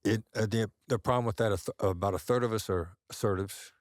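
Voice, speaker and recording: A man as a guest on an interview podcast, telling measured anecdotes and acting out the voices he quotes. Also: fairly low pitch, no room sound, clean studio sound. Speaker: guest, negotiation expert.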